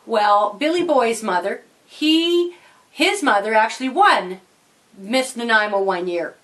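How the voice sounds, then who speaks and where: A woman reads a children's story aloud with a high, lively voice. She chats animatedly and talks straight to the young listeners. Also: takes it slowly, low-quality recording. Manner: animated, chatty, addressing kids.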